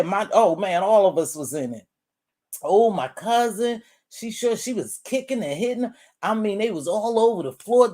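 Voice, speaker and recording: Chatty woman in her sixties. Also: fairly low pitch. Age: 60s. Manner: animated, chatty, calls listeners "baby" and "y'all". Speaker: guest telling a family story. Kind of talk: casual storytelling to a live audience.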